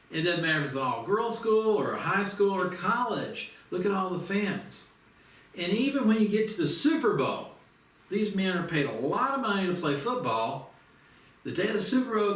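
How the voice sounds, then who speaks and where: A man teaching a speed reading lesson, giving an energetic coach-like pep talk and counting aloud. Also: a little high. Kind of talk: motivational lesson. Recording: roomy, distant from the mic.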